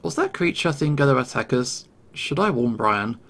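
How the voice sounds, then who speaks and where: A man narrates a first-person story in a tense, measured way. His voice is mid-pitched with a gravelly texture. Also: sing-song, fairly bright tone.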